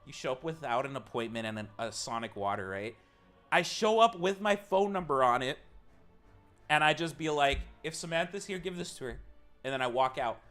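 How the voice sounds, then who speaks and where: A man's voice: mid-range voice, normal speed, fairly bright tone, faint music behind. A man streaming live, casually telling a long story to his chat, swearing freely and acting out the people he quotes.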